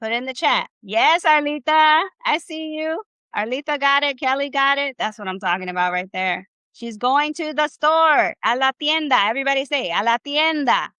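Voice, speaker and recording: A woman's voice: high voice, moderate pace, pushed and bright, no echo, dull audio. A woman teaching a live online Spanish class over a video call. She is upbeat and encouraging, and she mixes casual slang into her teaching.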